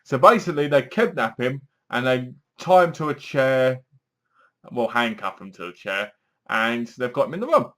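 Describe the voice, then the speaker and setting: A young man giving a casual film review, retelling the plot in a rambling, animated way full of "so basically" and acted-out quotes. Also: medium pitch, moderate pace.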